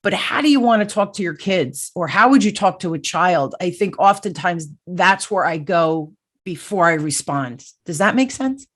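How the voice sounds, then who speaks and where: A middle-aged woman hosting a conversational interview, talking in an energetic, animated way and telling stories about herself. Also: on the low side, moderate pace. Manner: energetic, animated, self-deprecating storyteller. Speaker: podcast host.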